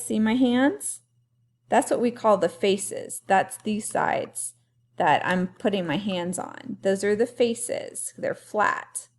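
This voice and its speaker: A woman teacher giving a remote lesson to young children, talking clearly and having them repeat words after her. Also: medium pitch. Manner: slow, clearly paced teacher talk with call-and-repeat.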